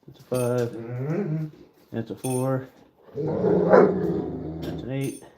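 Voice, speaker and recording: A man's voice: mid-range voice, drawn-out words, very noisy. A middle-aged man chatting casually to camera while stamping a silver bar, joking and talking to his dog as he works.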